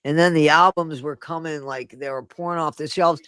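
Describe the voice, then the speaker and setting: On a candid talk show, a man in his sixties co-hosting tells stories from his own life, emphatic, interruptive and casually profane. He talks briskly in a somewhat high, steady voice with a sharp, clean tone, recorded dry.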